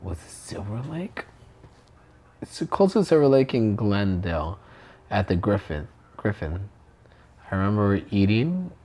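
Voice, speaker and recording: A man's voice: fairly low pitch, big pitch swings, unhurried, pauses often, mellow. A young man co-hosting a podcast with his girlfriend, chatting casually and crudely while a bit tipsy. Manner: joking, crude, playfully teasing. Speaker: podcast co-host. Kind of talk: casual couple chat.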